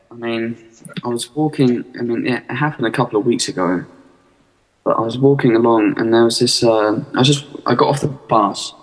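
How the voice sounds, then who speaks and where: A man's voice: medium pitch, breathy edge, in a large hall, rough recording. Hesitant rambling man on a podcast. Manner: hesitant rambling storyteller, many fillers. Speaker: podcast guest. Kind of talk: casual chat.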